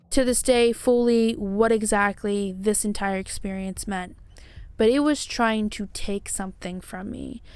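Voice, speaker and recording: A woman's voice: a little high, clean tone, dry recording. A woman vlogger telling a personal paranormal story in an emotional, dramatic way, full of fillers and restarts.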